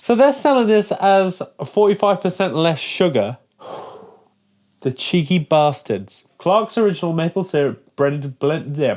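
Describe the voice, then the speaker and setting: A man's voice: fairly high pitch, very animated, measured pace, a little mellow. Exasperated man ranting on a vlog. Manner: exasperated, mock-outraged ranting. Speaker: fitness vlogger. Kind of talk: casual vlog talk to camera.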